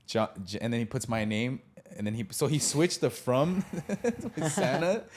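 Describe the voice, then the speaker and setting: A man in his thirties casually telling a childhood story as the podcast host, animated, acting out voices and laughing often. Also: mid-range voice, normal speed, slight background noise.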